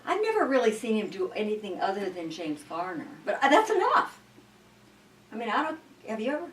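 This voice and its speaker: An older woman from Iowa, an actress, telling rambling, halting stories in an interview, often restarting her sentences. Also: medium pitch, huge pitch swings. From Sioux City, Iowa, US. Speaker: guest, actress. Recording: roomy, distant mic.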